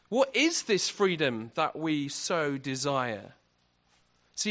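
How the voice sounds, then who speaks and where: A man's voice: sits high, fairly bright tone. A man giving an evangelistic talk at a university event, earnest and full of rhetorical questions. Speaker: guest speaker.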